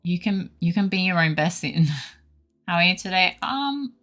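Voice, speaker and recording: A woman's voice: fairly low pitch, animated, moderate pace, a bit bright. A young woman streaming, chatting casually with viewers, laughing often and swearing freely while feeling a bit feverish. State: feverish, unwell. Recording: faint music behind.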